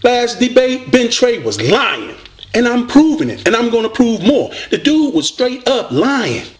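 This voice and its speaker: A man's voice: extremely high pitch, sing-song, unhurried. A man from the United States, delivering a combative, preachy video rant at a rival debater. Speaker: online debater addressing a rival.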